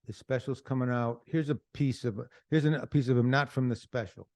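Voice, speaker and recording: A male podcast host talking up new comedy specials with real enthusiasm. His voice sits in a middle pitch. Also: a little fast, a little mellow. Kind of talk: podcast promo segment.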